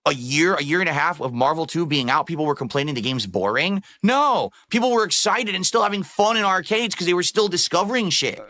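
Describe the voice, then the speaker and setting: A man's voice: on the high side, animated, a little fast, hardly any pauses, pushed and bright, dry recording. A man in a played clip ranting with exasperation and swearing about fighting games. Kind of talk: ranting commentary.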